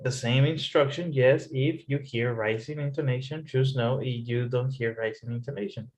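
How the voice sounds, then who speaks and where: A man's voice: medium pitch, moderate pace, a little mellow, low-quality recording. A man tutoring English over a video call, explaining patiently and repeating key points. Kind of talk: online tutoring session.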